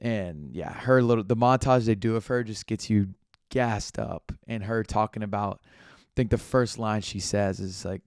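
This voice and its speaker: A man's voice: on the low side, a little mellow, smooth, dry recording, clean studio sound. A young man chatting casually on his own, rambling and correcting himself as he talks. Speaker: podcast host. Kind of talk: casual solo commentary.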